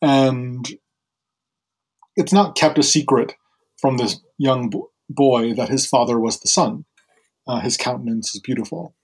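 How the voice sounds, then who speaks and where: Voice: medium pitch, unhurried, long pauses, husky, poor audio. A host retelling a Greek myth in casual, chatty conversation, with fillers and laughter. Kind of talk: casual storytelling.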